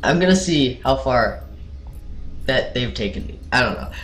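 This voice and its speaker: A man hosting a let's play, reacting with excitable outbursts and plenty of fillers while he orders his crew around. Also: mid-range voice, moderate pace, faint music behind. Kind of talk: casual gameplay commentary.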